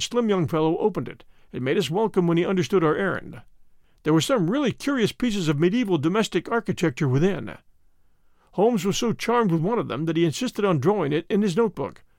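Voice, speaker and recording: A man narrating a story in an expressive storytelling manner. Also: high voice, gravelly, no echo, clean studio sound. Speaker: audiobook narrator. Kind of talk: scripted narration.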